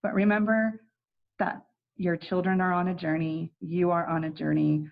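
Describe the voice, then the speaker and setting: Earnest woman with a gravelly low voice. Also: flat delivery, normal speed, dull audio. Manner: earnest, with many ums and restarts. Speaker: class presenter. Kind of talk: online class talk.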